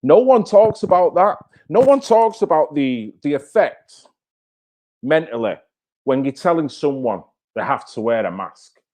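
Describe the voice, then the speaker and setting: A man with a mid-range, darkish voice hosts his own channel, giving casual live-stream commentary. He talks bluntly and fired-up, swearing and firing off rhetorical questions.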